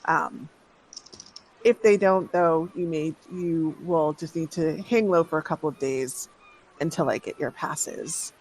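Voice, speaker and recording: A game master narrating a tabletop game at an easy, unhurried pace. The delivery is halting, with phrases often restarted and trailing off before picking back up. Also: mid-range voice, a little hiss or hum, poor audio. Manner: unhurried, hesitant, restarts with many fillers.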